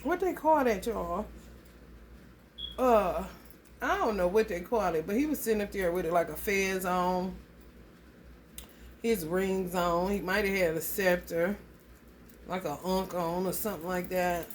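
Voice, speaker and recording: A woman who vlogs astrology readings speaks to her viewers in a casual, blunt, heavily profane way, rambling loosely. Her voice sits on the low side and moves a little slowly, with frequent pauses. A faint hiss or hum runs underneath.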